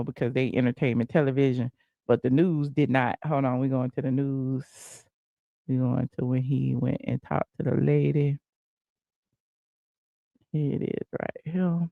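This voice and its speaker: A woman's voice: extremely low pitch, creaky, a little mellow, no room sound, lo-fi sound. Woman host reacting to clips, talks right at viewers, dead dry room. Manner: chatty, talks straight to viewers. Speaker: commentary host. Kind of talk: casual reaction commentary.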